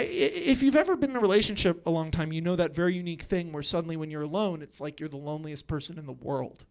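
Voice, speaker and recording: A young man telling a personal story at a live storytelling show, often laughing through his lines and acting out his own thoughts. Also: sits high.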